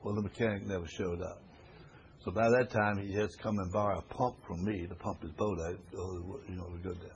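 A man's voice: deep voice, fairly even intonation, brisk, dull audio, slight background noise. A man teaching a Bible study class to a small group, reading scripture aloud and explaining it in a folksy way, often repeating phrases for emphasis.

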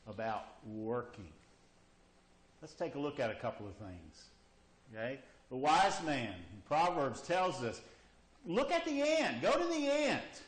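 Male preacher, lively pitch, questioning delivery, roomy echo. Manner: questioning, repeats "okay?" and "you see?". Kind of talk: sermon. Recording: echoey room.

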